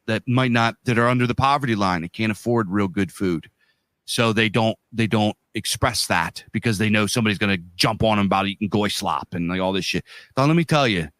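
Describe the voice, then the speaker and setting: A man's voice: on the low side, fairly bright tone, no room sound. A man in his thirties or forties co-hosting a podcast, talking bluntly in casual chat with lots of profanity and slang. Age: 30s to 40s. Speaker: podcast co-host.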